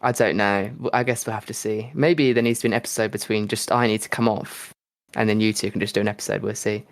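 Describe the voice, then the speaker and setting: A man from the United Kingdom hosting a podcast, chatting casually in quick rambling bursts with lots of fillers. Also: fairly low pitch, steady tone. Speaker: podcast host. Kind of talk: casual chat.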